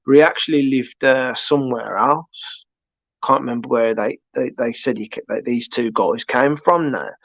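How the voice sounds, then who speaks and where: A livestream host tells a long, rambling anecdote in casual storytelling style, full of restarts and asides. His gravelly voice is medium in pitch at a moderate pace, and the stream audio is dull, lo-fi and dry, without room sound.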